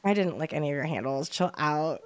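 A woman's voice: deep voice, lively intonation, brisk. A woman co-hosts a podcast in loose, casual chat. She is blunt and swears freely, with wry self-mocking jokes. Under the jokes she is grieving and fighting back tears. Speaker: podcast co-host.

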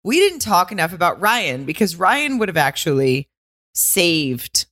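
A woman from the American South co-hosts a podcast, chatting playfully and swearing now and then. Her voice is low for a woman. The recording is dry and close. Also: very animated, unhurried, fairly bright tone, no echo. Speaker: podcast co-host. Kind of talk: casual chat.

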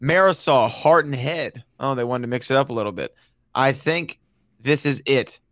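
A man's voice: mid-range voice, normal speed, a bit bright, dry recording, clean studio sound. A man co-hosting a podcast in casual chat, joking and telling playful stories. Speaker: podcast co-host.

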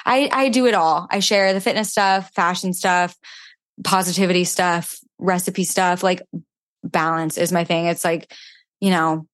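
A woman's voice: on the low side, fairly even intonation, unhurried, no echo. A young woman, a podcast guest and fitness influencer, talking in casual chat and filling her sentences with "like". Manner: chatty, heavy use of filler "like".

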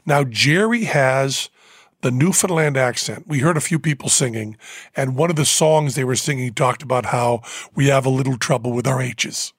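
A man hosting a podcast, telling a rambling story with fillers and quick laughs. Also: medium pitch, slightly rough, dry recording. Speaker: podcast host. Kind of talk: casual storytelling. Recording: dry close studio mic.

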